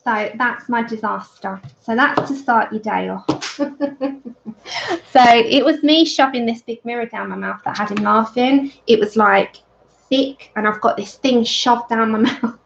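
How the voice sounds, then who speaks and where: A woman's voice: a little high, a little slow, vocal fry, lo-fi sound, slight background noise. Chatty woman telling a laughing story. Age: 30s. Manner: chatty, laughs often, acts out her own story in quoted voices. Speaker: colouring livestream host. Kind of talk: casual chat while colouring on a livestream.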